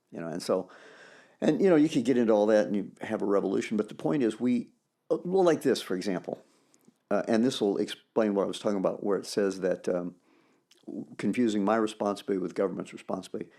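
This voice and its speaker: A man co-hosting a podcast, talking about faith in an animated, emphatic way and quoting scripture. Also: lowish voice, gravelly. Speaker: podcast co-host. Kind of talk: casual faith discussion.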